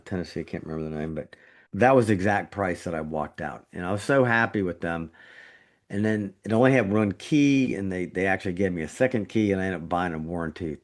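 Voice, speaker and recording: Man, low voice, middle-aged, casual podcast chat, animated storytelling with indignant jumps. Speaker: trauma surgeon, podcast co-host.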